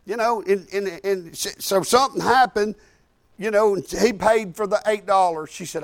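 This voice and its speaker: A high-pitched man with a drawl tells a story from the pulpit in a loose, folksy way. He rambles and doubles back, stringing his account together with "I said" and "he said". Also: normal speed. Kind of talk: sermon storytelling.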